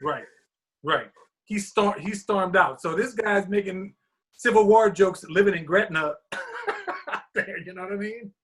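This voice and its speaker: High, husky-voiced male podcast host. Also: measured pace, long pauses, fairly bright tone. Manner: chatty, leads the questions. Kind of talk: casual chat.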